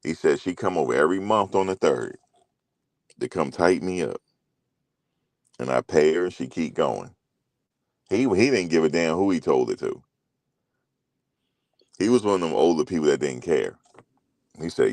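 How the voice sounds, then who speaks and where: A man's voice: extremely low pitch, animated, normal speed, vocal fry, long pauses, darkish tone, no echo. A middle-aged man talking loosely and casually as a commentary host, rambling through stories with slang and profanity.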